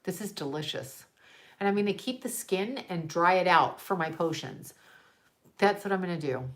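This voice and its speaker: A woman's voice: lowish voice, animated, moderate pace, a bit bright. A woman from Canada chatting casually on a livestream, ranting and wandering between topics while answering viewers. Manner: ranting, digressive, chats with viewers. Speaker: livestream host. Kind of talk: casual rambling chat.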